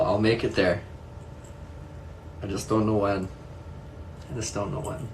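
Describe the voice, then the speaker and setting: A man's voice: on the low side, unhurried, creaky, pauses often, a little hiss or hum. Easygoing young man chatting to viewers. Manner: relaxed, repeats his own answers, laughs often. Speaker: streamer reading and answering viewer comments. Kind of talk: casual live chat.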